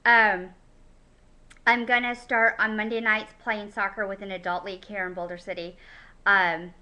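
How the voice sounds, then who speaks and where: A woman's voice: medium pitch, little pitch movement, normal speed, bright, forceful tone, highs cut off. A woman in her thirties talking casually in a personal video diary, chatty and emotional, with lots of fillers and restarts. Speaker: vlogger.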